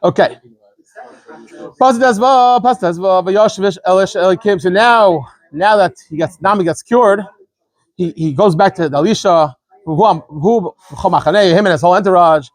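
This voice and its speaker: A man, a rabbi, giving an informal Torah lesson, explaining quickly and animatedly, often stumbling and repeating words as he goes. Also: high-pitched, no echo. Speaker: rabbi teaching a daily scripture class.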